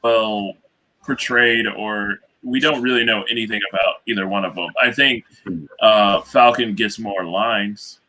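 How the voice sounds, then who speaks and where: Bright-voiced joking man. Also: fairly low pitch, fairly even intonation, measured pace, rough recording. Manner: joking, laughs a lot. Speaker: podcast co-host. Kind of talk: casual reaction chat. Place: remote video call.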